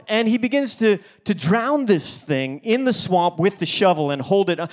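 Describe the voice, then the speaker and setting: A male pastor preaching a sermon, telling a story in a chatty way with fillers and restarts. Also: high voice.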